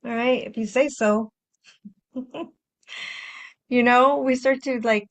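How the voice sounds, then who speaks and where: A woman hosting a self-help podcast, speaking gently and reflectively, repeating phrases and acting out inner voices with sighs. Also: high voice, unhurried. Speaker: podcast host and healing coach.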